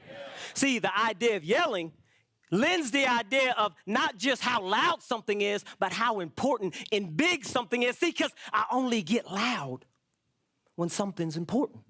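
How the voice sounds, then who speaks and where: Animated, bright-voiced preacher. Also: medium pitch, normal speed, dry recording, clean studio sound. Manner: animated, emphatic preaching with call-and-response prompts. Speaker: pastor. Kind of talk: sermon.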